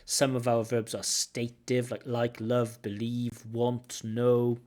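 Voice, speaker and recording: A man's voice: mid-range voice, completely flat delivery, slow pace, darkish tone. A man working as a language examiner, commenting frankly on a recorded speaking test and correcting grammar and stress. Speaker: IELTS examiner giving feedback. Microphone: video call.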